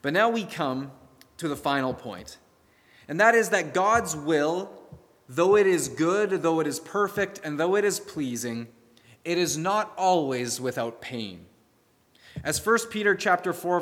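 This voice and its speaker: A man's voice: a little high, expressive, unhurried, a bit bright. A man preaching a sermon and telling a fable in an earnest storytelling way, with a long hall echo around him.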